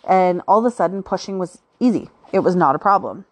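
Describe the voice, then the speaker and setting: A woman's voice: lowish voice, expressive, a little fast. A woman hosting a podcast, telling her own story in a chatty, casual way with frequent fillers. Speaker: podcast host.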